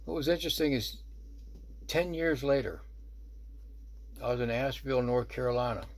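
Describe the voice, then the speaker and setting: A man's voice: mid-range voice, normal speed. A man who works as a shaman telling a true story in a rambling, conversational way, full of "you know" asides. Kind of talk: casual spoken storytelling.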